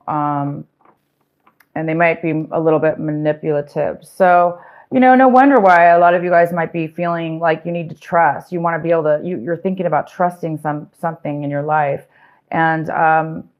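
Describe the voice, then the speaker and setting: Hoarse woman giving a rambling tarot reading. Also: low-pitched, highs cut off. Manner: rambling, many fillers and restarts. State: losing her voice. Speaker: tarot reader.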